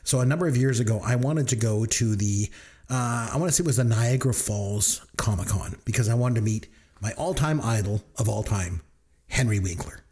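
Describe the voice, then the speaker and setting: A married man co-hosting a podcast in relaxed casual chat, starting a story of his own. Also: mid-range voice, brisk. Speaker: podcast host.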